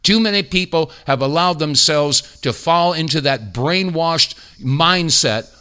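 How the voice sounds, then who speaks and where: A man's voice: on the high side, measured pace, sharp tone, clear, resonant tone. A man from the United States hosting a podcast, ranting in exasperated casual commentary with mocking impressions. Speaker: podcast host.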